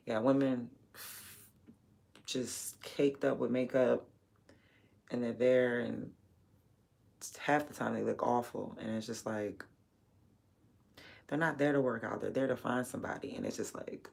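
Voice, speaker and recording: A woman's voice: extremely low pitch, fairly even intonation, normal speed, creaky, long pauses, a little mellow, slightly rough. A woman livestreaming while she works, chatting bluntly and profanely with viewers and laughing often. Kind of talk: casual livestream chat.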